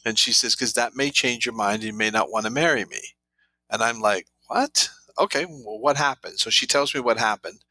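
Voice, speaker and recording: Talking a little fast in a bright, forceful medium-pitched voice, a male author on trauma therapy shares anecdotes laced with quoted dialogue as an interview guest. There's no echo, but the audio quality is poor.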